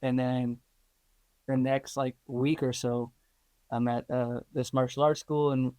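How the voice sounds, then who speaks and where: Speaking a little slowly at medium pitch, the man is a guest in an interview, a stunt performer who also acts. He recounts stories in a relaxed, animated way, laughing often, voicing other people's lines, and leaning heavily on fillers like um and like; there's no echo.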